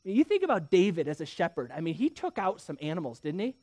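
Talking fast with big swings in pitch, a high-voiced man in his thirties preaches as a pastor, and there's no echo. He tells stories to the congregation and speaks to them directly, alternating loud, emphatic moments with near-whispers.

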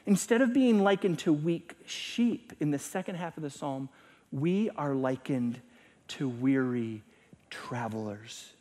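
A middle-aged male pastor preaching a sermon, swinging between loud emphasis and hushed, near-whispered lines. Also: a little high, unhurried.

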